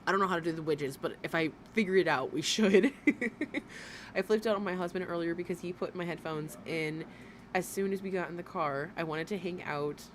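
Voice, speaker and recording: A woman's voice: lowish voice, a little fast, a little hiss or hum. A woman hosting a livestream, giving blunt, profane, exasperated commentary as she reacts to a video.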